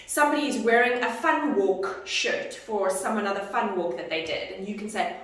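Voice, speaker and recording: Lady fitness instructor giving a lesson, lively delivery, really echoey room, sitting back from the mic. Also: medium pitch, normal speed, distant mic. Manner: expressive, acts out greetings to clients. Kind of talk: online course lesson.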